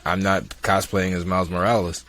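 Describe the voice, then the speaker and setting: A man co-hosting a podcast in casual chat, animated and teasing, swearing freely. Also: deep voice, brisk. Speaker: podcast co-host.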